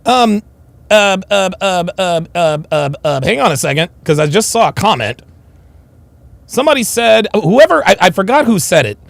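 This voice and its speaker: Livestream guy roasting a clip, high lively voice, gravelly, dry sound. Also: moderate pace, no echo. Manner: mocking, reads chat comments aloud. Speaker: livestream host. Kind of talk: casual livestream commentary.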